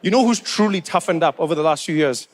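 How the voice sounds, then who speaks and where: A man from South Africa with a South African accent doing a stand-up comedy routine, animated storytelling that talks to the crowd. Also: on the high side, fast talker.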